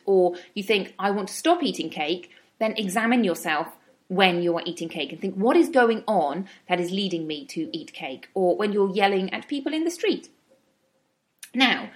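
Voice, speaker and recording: A middle-aged woman talks through ideas at an easy teaching pace. She sounds thoughtful and measured, and now and then slips into little acted inner-voice asides. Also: medium pitch. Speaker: wellbeing speaker. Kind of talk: reflective teaching talk.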